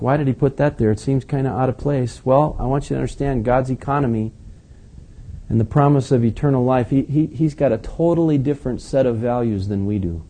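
A man's voice: mid-range voice, dark tone. A man preaching a sermon in a conversational, folksy way, with joking asides to his congregation. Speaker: pastor.

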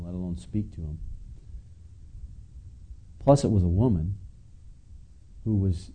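A man's voice: low-pitched, mellow, slightly rough, low-quality recording. A man preaching a conversational sermon, reading scripture and adding casual asides to his listeners. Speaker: pastor. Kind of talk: sermon teaching.

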